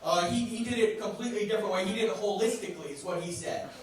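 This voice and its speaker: A man performing a stand-up routine on a club stage, with a stammering, deadpan delivery full of restarts, and audience laughter behind him. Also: sits high, racing. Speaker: stand-up comedian. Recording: echoey room mic from far off with crowd laughter.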